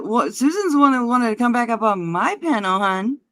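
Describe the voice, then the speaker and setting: A woman's voice: on the high side, expressive, moderate pace. A woman hosting a livestream, taunting and cursing at a guest in a heated argument. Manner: taunting, profane, mocking. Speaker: livestream host.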